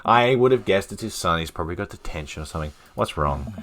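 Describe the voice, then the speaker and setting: A man's voice: low voice, lively intonation, fast talker, hardly any pauses, noisy background. A man casually playing a dating game on stream, reading the narration and dialogue aloud with jokey asides.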